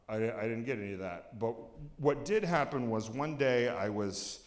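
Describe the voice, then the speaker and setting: A man in his forties tells a candid personal story on stage, halting and often dropping quiet. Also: lowish voice. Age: 40s. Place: cultural center hall. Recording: echoey hall with long reverb.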